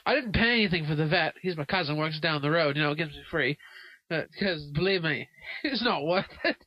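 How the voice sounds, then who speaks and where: A young man improvising as a talk show guest in a put-on English-Australian accent, rambling and filling every pause with "you know", recorded in a parked car. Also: fairly high pitch, lively intonation, dry recording, dull audio. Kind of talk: improvised comedy sketch.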